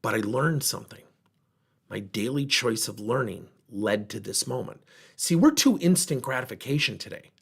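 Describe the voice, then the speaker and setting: Delivering a motivational workshop talk, a man with a medium-pitched, slightly rough voice and some vocal fry speaks at a normal speed. The workplace trainer tells stories with animation, performing the voices of the people in them.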